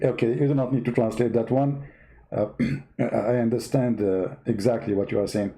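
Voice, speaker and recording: A man's voice: medium pitch, fairly even intonation, moderate pace, dark tone. A man from the Middle East hosting comic religious commentary in a sarcastic, mock-dramatic way. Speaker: host.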